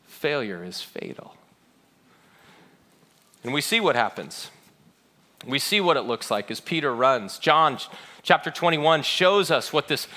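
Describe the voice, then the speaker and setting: A man's voice: mid-range voice, sharp tone. A man preaching a sermon, telling a story with earnest feeling and acting out the quoted lines. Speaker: pastor.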